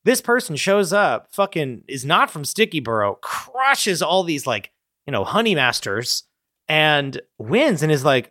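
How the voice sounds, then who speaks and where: A man with a slightly high voice talks fast and loose, swearing freely and jumping into quick voices for the characters he imagines. The sound is close and dry, with no room around it. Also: dry recording. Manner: animated, profane, acts out characters' lines. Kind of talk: casual brainstorming chat.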